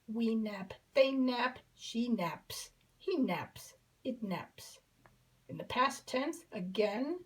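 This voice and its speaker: Brief: female teacher, slightly high voice, unhurried, patient children's lesson tone. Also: rough recording. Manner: patient, repeats each verb form in drills. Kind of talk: slow classroom explanation.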